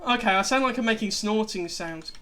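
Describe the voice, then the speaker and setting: A man's voice: high voice, a little fast, sharp tone. A man hosting a casual livestream, chatting in a rambling, self-deprecating way. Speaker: livestream host. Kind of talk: casual chat on a gaming livestream.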